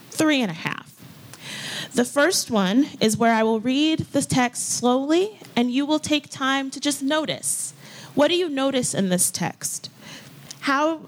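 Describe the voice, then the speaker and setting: A woman pastor preaching and gently leading her congregation through a guided scripture practice, with an unhurried, inviting manner. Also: fairly high pitch. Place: church hall with folding chairs.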